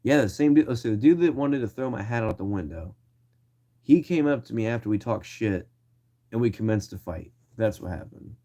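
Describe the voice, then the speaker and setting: Low mellow-voiced young man, swearing storyteller. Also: animated, brisk. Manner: profane, slangy, acts out quoted lines. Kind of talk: casual storytelling.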